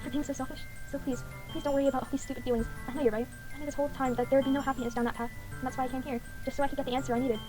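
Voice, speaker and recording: A woman voicing an anxious, tearful teenage schoolgirl who blames herself, with a high pleading voice. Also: little pitch movement, very fast, music in the background, lightly acted. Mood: resigned. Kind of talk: reading a visual novel aloud.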